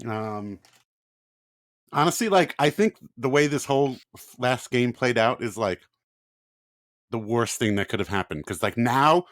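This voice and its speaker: A man's voice: mid-range voice, lively intonation, measured pace, long pauses, fairly bright tone, no room sound. A man co-hosting a casual sports podcast, grumbling in a wry, exasperated way. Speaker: podcast co-host.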